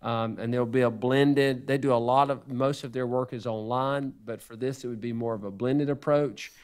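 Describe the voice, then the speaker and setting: A man's voice: medium pitch, steady tone, moderate pace, a little mellow, clean tone. A man giving an unscripted report to a school board, earnest and hesitant, often restarting his sentences.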